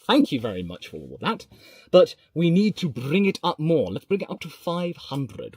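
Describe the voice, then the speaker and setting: A man reacting to news on a live stream, reading viewer comments aloud and swinging from mumbled asides to excited outbursts. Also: medium pitch, husky, no room sound, clean studio sound. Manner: chatty, reads comments aloud.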